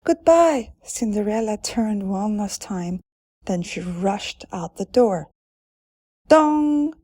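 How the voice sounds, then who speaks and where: A woman narrating a children's storybook in a calm, deliberate way. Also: mid-range voice, breathy edge, no room sound.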